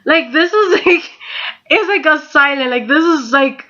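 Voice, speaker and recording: A woman's voice: sits high, animated, measured pace, bright, forceful tone, highs cut off. A woman in her twenties telling a storytime, rambling with constant "like" and casual swearing. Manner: rambling, heavy use of "like", frequent swearing. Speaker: vlogger.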